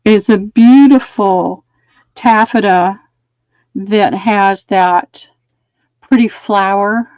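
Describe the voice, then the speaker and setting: Drawing out her words and pausing often, a Southern US woman chats through a live online sale while talking about fabric items she's selling. Her voice is mid-range and a little mellow, and the recording is dull with no echo.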